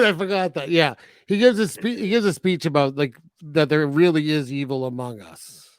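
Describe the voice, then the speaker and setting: A man's voice: on the high side, moderate pace, no room sound. A man co-hosting a podcast, chatting casually about a horror film with sarcastic asides and frequent laughter. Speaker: podcast co-host. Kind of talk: casual film review chat.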